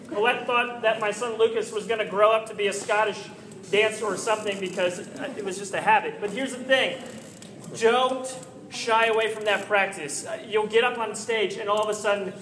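A man's voice: high voice, fairly bright tone. Earnest coaching man in echoey hall. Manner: earnest, coaching, frequent "right?" asides. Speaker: presenter giving training tips. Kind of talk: instructional talk. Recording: echoey hall with slight noise.

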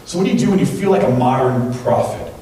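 A man's voice: medium pitch, fast. Guy pastor preaching, chatty storytelling, lots of hall echo, a bit far from the mic, faint room hum. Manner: conversational, animated storytelling with quoted voices. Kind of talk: sermon. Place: church sanctuary.

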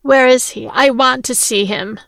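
A woman's voice: high-pitched, fairly even intonation, normal speed, vocal fry, fairly bright tone, no room sound, studio quality. A woman reading the lines of an anxious, insistent girl, in a storybook reading.

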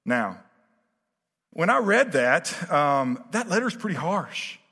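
Bright-voiced preacher man in a reverberant sanctuary. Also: a little high, big pitch swings, slow, slightly rough. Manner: conversational with many fillers and restarts; rising to emphatic preaching cadence. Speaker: pastor. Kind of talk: sermon. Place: church sanctuary.

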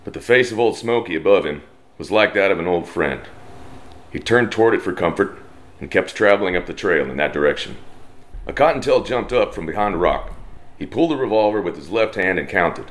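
Deep-voiced Texan man reading a western. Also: animated. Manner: slow, drawling twang, puts on brief voices for characters. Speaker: storyteller. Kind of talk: reading a western story aloud.

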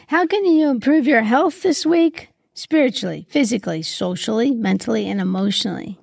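A middle-aged woman hosting a reflective Christian podcast, asking gentle questions in an earnest way, sometimes choked up with grief. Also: mid-range voice, gravelly, no echo, studio quality. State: grieving, occasionally choked up. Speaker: podcast host and Christian mentor. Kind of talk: reflective solo podcast monologue.

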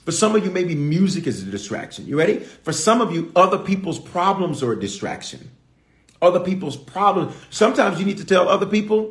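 A man's voice: high voice, very animated, fairly quick, reverberant. A man preaching a sermon as pastor, emphatic, repeating key lines and calling out to his audience. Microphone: streamed online service.

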